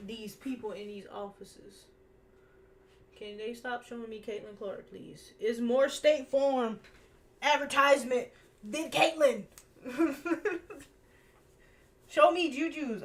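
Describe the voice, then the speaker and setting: A young woman streaming while she draws, ranting casually in an animated, slangy way and laughing often. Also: medium pitch, a little hiss or hum. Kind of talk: casual rant while drawing.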